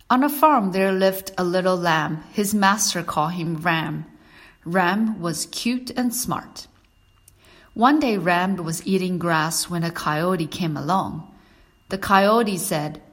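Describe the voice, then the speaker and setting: A woman narrating a children's story with slow, clear read-aloud delivery. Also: fairly low pitch.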